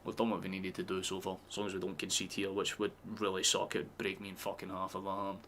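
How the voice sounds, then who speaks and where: A man's voice: sits low, monotone, fast talker, fairly bright tone, a little hiss or hum. A man streaming a live football watchalong, chatting casually and swearing freely as he reacts to the match.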